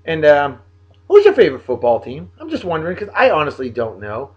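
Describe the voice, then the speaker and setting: Jovial New man giving shout-outs. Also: fairly quick, highs cut off. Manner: jovial, folksy, animated, big pitch swings. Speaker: host of a daily beer and song video show. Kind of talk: casual shout-outs monologue.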